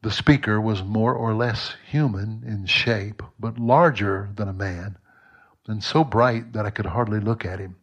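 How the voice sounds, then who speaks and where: A man giving a devotional reflection in an earnest, measured way, and reading aloud. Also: fairly low pitch, highs cut off. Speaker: devotional speaker.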